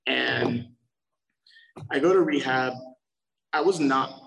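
Gravelly young man telling his story. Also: medium pitch, takes it slowly, fairly bright tone, recorded from a distance, rough recording. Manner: profane, loose, acts out quoted exchanges. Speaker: recovery speaker sharing his story. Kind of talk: casual storytelling.

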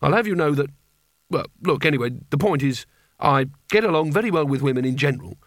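A man's voice: fairly high pitch, lively intonation, fast, no echo, clean studio sound, lightly acted. A man voicing a nervous, cowardly male wizard who talks in a defensive, whiny way.

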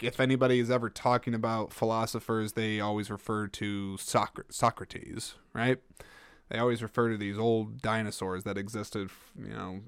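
A man's voice: fairly low pitch, smooth, no room sound. Rambling young man, dry close mic. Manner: rambling, self-mocking, with many restarts. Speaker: podcast host. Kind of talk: casual solo podcast monologue.

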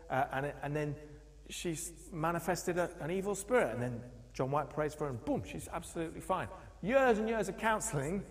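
Man preaching in an echoing church. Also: a little high. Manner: animated storytelling, acting out quoted voices. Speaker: pastor. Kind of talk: sermon. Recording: long echo of a church hall.

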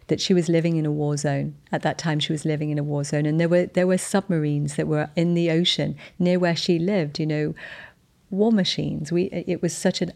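Woman, podcast host; low voice with gravelly fry, earnest faith testimony, heartfelt and halting. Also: darkish tone. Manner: earnest, heartfelt storytelling with frequent restarts.

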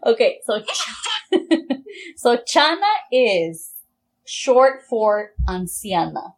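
A woman co-hosting a podcast in casual chat, playful and quick to laugh. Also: on the high side, animated. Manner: giggly and playful, laughs often. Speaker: podcast co-host.

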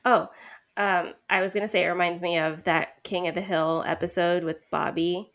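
A woman's voice: lowish voice, normal speed. A young woman co-hosting a podcast, chatting casually and acting out quoted lines as she tells stories. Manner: animated storyteller, acts out quotes. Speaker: podcast co-host. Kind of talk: casual chat.

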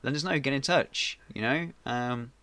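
Guy hosting a podcast, bright voice, rambles a lot. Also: mid-range voice, moderate pace, clean tone, no echo. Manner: rambling, laughs often. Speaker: podcast co-host. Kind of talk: casual chat.

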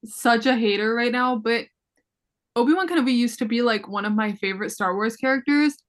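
A young woman chatting casually and dramatically with friends, gushing with quick asides. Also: on the high side. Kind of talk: casual fan chat.

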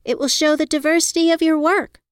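A woman voicing an excited young woman who gushes in a bright, lifted voice. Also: high voice, brisk, no echo, studio quality, voice pushed up, close to an everyday voice.

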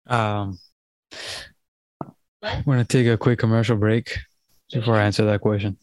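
A man's voice: fairly low pitch, fairly even intonation, normal speed, darkish tone, dry recording. A man co-hosting a podcast, joking bluntly and crudely in casual chat. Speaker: podcast co-host.

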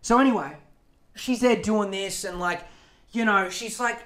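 A man's voice: sits high, a little slow. A young man hosting a podcast, ranting in a casual, rambling way with lots of swearing and restarts. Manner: rambling, profane, animated, self-interrupting. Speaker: podcast host.

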